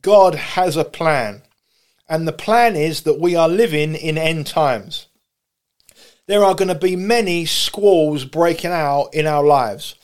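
A man preaching a sermon, impassioned, with rising shouted pleas as he retells the story. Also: on the high side. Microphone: camera broadcast.

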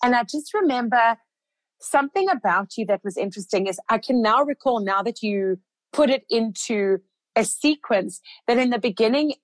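A woman's voice: a little high, expressive, normal speed, dry recording, rough recording. A woman hosting an interview as a coach, talking in an affirming, encouraging way. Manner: affirming, encouraging, full of backchannels. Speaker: host and coach running a group program for mothers. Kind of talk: conversational podcast interview.

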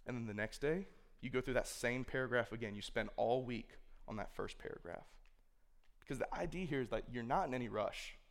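A man's voice: mid-range voice, brisk, creaky. A man speaking to a room of young people in a casual sermon, loose and conversational, filling his talk with "like" and voicing imagined thoughts. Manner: conversational, filler-heavy, acts out imagined inner thoughts. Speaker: youth speaker. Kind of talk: casual sermon to a youth group. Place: room with a live audience.

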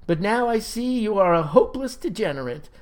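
A man's voice: high-pitched, lively intonation, a little fast, pitched above the performer's own voice. A man voicing a prim, theatrical young woman who speaks in a genteel, dramatic way. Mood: haughty.

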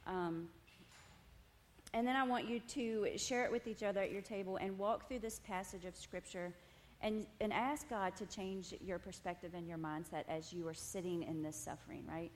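In a lively personal testimony for a group at tables, a woman from a women's ministry laughs and frequently addresses asides to the room. Her voice is mid-range, fairly even in intonation and moderate in pace, with slight background noise.

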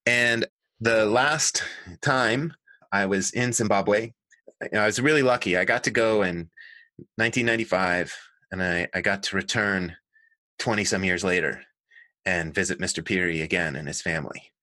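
Middle-aged man, interview guest; earnest, lively storyteller with a low, forceful voice and a dry, close sound. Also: moderate pace, dry recording. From United States. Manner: earnest, animated, self-correcting. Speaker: guest, water harvesting designer and author. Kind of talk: conversational storytelling.

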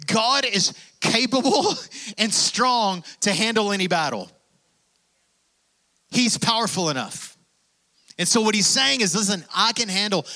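This male pastor has a high-pitched, sharp voice as he delivers a sermon. Reading from scripture, he urges the congregation forward in emphatic, rising bursts, shouting "come on."

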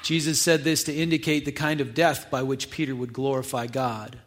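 A man's voice: medium pitch, flat delivery, moderate pace. A man preaching a sermon, retelling a scripture reading in a casual, conversational way with acted asides. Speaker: pastor.

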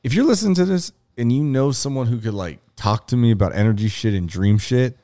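A man's voice: mid-range voice, lively intonation, fairly quick, warm tone. A young adult man co-hosting a podcast, telling a long, profane story in a casual chat and acting out the quotes. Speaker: podcast co-host.

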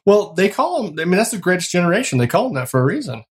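A man's voice: sits high, big pitch swings, very fast. Middle-aged man telling stories with laughs. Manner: storytelling, laughs often. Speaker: podcast co-host. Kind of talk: casual chat.

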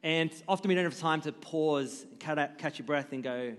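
Joking pastor, high voice, church reverb. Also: male voice, moderate pace, a bit bright. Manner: jokey, self-deprecating storyteller. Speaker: guest pastor. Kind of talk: sermon. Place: church stage.

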